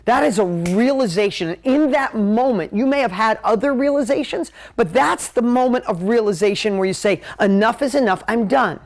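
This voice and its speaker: A man teaching a live motivational talk at a whiteboard, energetic, emotional and conversational. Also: very high voice, moderate pace, few pauses. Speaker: motivational business coach.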